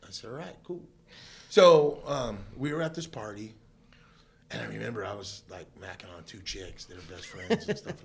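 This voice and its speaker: A low, gravelly male voice recounts his past in a loose, conversational way, jumping into other people's voices as he goes. He is a podcast guest from Southern California, and a faint hiss of noise sits under the recording. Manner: animated storyteller who acts out quoted voices, laughs often. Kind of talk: casual storytelling interview.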